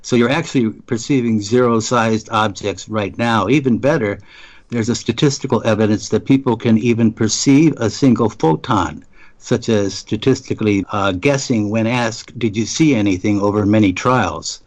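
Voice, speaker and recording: A man co-hosting a radio talk show, halting with restarts, then reading out science notes. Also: fairly low pitch.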